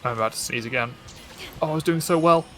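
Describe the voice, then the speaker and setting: Bright-voiced man in rambling gaming chat. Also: on the high side, fast talker, a little hiss or hum. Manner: rambling, self-interrupting, joking. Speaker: streamer.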